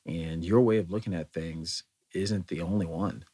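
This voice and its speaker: Low, husky-voiced American man musing. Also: moderate pace, warm tone. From United States. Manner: thoughtful, meandering, many fillers and restarts. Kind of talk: reflective solo monologue.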